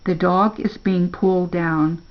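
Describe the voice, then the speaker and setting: An older woman, a grandmother, reading a children's story aloud in a slow, gentle storybook manner. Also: fairly low pitch, fairly even intonation, dull audio.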